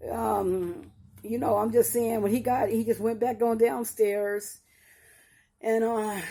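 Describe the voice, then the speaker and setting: At medium pitch with a dark tone, an older woman who lost a child shares a personal story with her viewers. Talking straight to them as "y'all," she repeats and restarts sentences through painful recollections.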